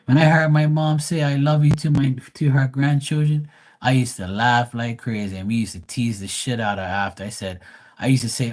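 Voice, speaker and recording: A man's voice: medium pitch, steady tone, a little fast, darkish tone. A middle-aged man hosting a casual livestream, talking bluntly and swearing freely, acting out family members' voices when he quotes them. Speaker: livestream host.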